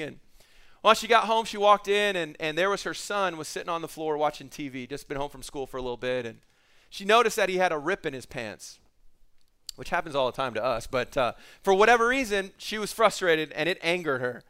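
A man's voice: high-pitched, expressive, brisk, pushed and bright, clean tone. A man preaching a sermon, telling a story with acted quotes and swings of emphasis. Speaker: pastor.

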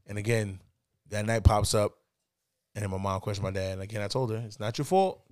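A man casually telling a long personal story on a podcast, slangy and relaxed, getting animated when he quotes people. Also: fairly low pitch, a little fast. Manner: laid-back, slangy, animated when quoting others. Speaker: podcast co-host. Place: indoors, podcast setting.

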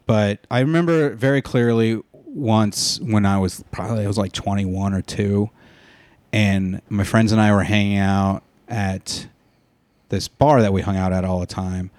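A man in casual chat, telling stories in an animated way, swearing and laughing easily. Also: lowish voice, measured pace, no room sound.

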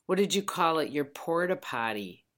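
Woman, podcast host, low pitch, rambling chatty manner, swearing, over a phone line. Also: lively intonation, normal speed. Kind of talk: casual chat.

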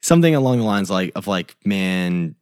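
A man's voice: deep voice, sing-song, moderate pace, darkish tone, clear, resonant tone, dry recording, clean studio sound. A young man, a tour photographer, telling a story in a loose, swearing way and acting out the quoted dialogue. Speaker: tour photographer, podcast guest. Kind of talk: casual storytelling.

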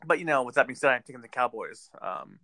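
A man's voice: mid-range voice, expressive, quick pace, bright, forceful tone, dry recording. A man hosting a casual sports chat, making game picks in a chatty way with sarcastic asides. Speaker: podcast host making football picks.

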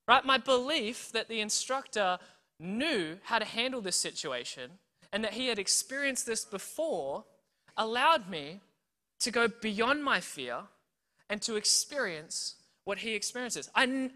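An Australian preacher giving a sermon full of humorous stories, often checking in with the audience. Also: mid-range voice. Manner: animated, tells stories, keeps checking in with "right?" and "okay?". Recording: long reverb from a big hall.

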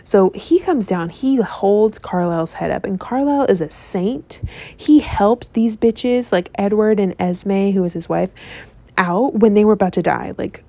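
A woman casually retelling a film scene, rambling and animated, with lots of swearing and filler words. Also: medium pitch, a little slow. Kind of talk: casual storytelling.

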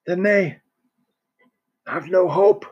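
A man's voice: sits high, drawn-out words, slightly rough, lo-fi sound, voice pushed up, exaggerated voice. A man voicing a bitter, dying old man who speaks weakly between coughs in an audiobook reading. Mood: bitter, weary. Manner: weak, coughing, curt. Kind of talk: audiobook character voice.

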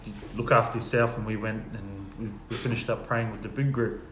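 A man casually recounting church testimonies, telling his story and softly acting out the dialogue. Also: lowish voice, fairly even intonation, a little fast. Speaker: guest sharing testimonies. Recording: echoey room with faint ambient noise.

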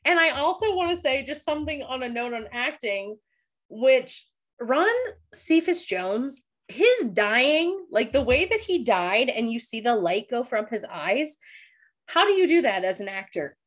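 A woman's voice: high-pitched, sing-song, unhurried, fairly bright tone. A young adult woman co-hosting a casual recap podcast, emotional and tearful, laughing through her crying. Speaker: podcast co-host. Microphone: studio microphone.

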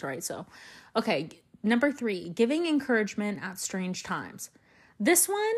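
A young woman hosting a solo podcast, venting angrily and swearing heavily as she tells a story and walks through a list. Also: mid-range voice. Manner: angry, heavy swearing, animated storytelling. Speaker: podcast host.

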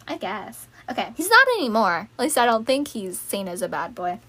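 A young woman talking through song lyrics in a casual, chatty way, reeling off lists and breaking into excited asides. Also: medium pitch, brisk, few pauses, husky. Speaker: fan video creator. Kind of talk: casual lyric analysis talk.

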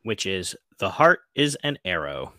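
Animated man recapping a show. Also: sits low, unhurried, no room sound, studio quality. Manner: animated, laughs a lot, acts out quotes. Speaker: podcast co-host. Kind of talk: casual TV recap chat.

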